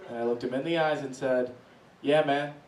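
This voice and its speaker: Animated stand-up comedian, echoey room. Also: male voice, fast talker, recorded from a distance, slight background noise. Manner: animated, voices swing high when acting out reactions. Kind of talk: stand-up storytelling.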